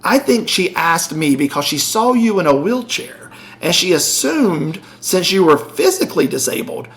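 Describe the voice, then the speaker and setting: A man's voice: high-pitched, sing-song, moderate pace, fairly bright tone. A middle-aged man co-hosting a podcast, telling a story in casual chat and animatedly acting out the voices of the people in it. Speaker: podcast co-host.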